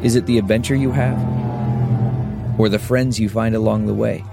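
A man reading a recruitment ad voice-over in a reflective, measured way, asking questions as he goes. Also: lowish voice, fairly even intonation, creaky. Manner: reflective, measured delivery built around questions. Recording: voice-over with music bed.

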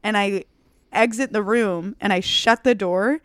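A woman's voice: mid-range voice, measured pace, clear, resonant tone, no room sound, clean studio sound. A young woman, a comedian, telling a story in casual talk and acting out the voices in it. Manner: animated, acts out voices in her story. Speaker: comedian guest.

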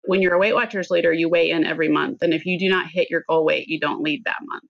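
Earnest woman guest, slightly low, muffled. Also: steady tone, fast, gravelly, dry recording. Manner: earnest, candid, at times choked up. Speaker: podcast guest. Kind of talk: personal story in an interview.

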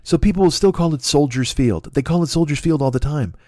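A middle-aged man hosts a podcast in a fairly high, warm voice, talking fast and rambling through a comedic rant. He swears heavily and keeps leaping into exasperated outbursts. The studio-quality recording has no echo.

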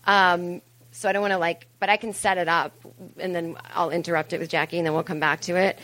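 A woman in her forties, a comedian and podcast host, performs a chatty, profane, self-mocking stand-up monologue packed with asides at a live show venue with an audience. Her voice is fairly low and a bit bright, and she talks fairly quickly with a flat delivery.

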